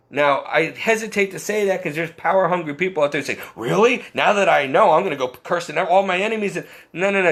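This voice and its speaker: A man earnestly sharing a personal faith story, self-deprecating and often laughing at himself. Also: high-pitched. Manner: quotes himself and others in animated bursts. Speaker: Catholic layman sharing testimony.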